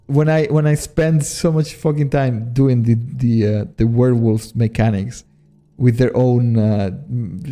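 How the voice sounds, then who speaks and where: During a relaxed live-stream gameplay session, a male streamer and modpack creator banters with viewers in a medium-pitched, mellow voice. He's self-deprecating, swears a lot, and laughs at himself.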